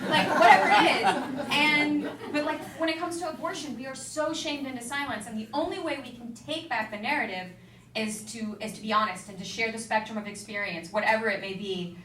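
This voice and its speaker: A young woman telling a personal story at an event, candid and self-deprecating with quick asides. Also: a little high, a crowd in the background. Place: event venue with an audience. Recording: echoey room, mic from a distance.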